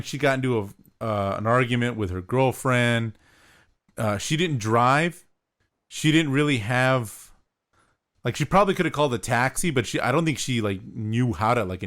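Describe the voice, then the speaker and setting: A young man co-hosting a podcast, telling a story in a relaxed, rambling way with lots of filler words. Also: mid-range voice. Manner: laid-back, rambling, with lots of "like". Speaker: podcast co-host. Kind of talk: casual storytelling.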